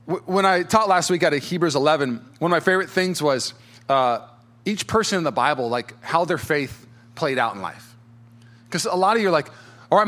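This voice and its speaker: A man's voice: a little high, a bit bright. A man in his thirties preaching a sermon as pastor, telling stories in a casual, filler-heavy way in a church. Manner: casual storytelling with many fillers. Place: church auditorium.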